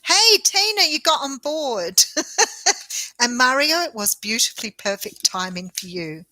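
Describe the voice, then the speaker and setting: A woman's voice: a little high, big pitch swings, unhurried, sharp tone, no room sound. An Australian woman, a tarot reader, giving chatty and reassuring readings on a live stream with frequent laughter.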